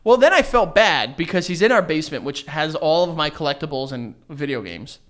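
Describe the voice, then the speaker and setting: Animated swearing man telling a story. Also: fairly high pitch, brisk. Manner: animated storyteller, swears freely, acts out quoted dialogue. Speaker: podcast co-host. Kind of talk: casual chat.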